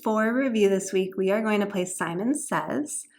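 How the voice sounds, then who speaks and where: A woman's voice: mid-range voice, moderate pace, darkish tone. A woman homeschool tutor chattily explaining classroom games and activities, now and then singing short learning songs.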